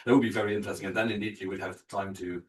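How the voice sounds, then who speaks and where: A man's voice: on the low side, fairly even intonation, very fast. Hesitant man from a distant mic. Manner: hesitant, many fillers and restarts. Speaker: moderator asking questions. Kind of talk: academic Q&A.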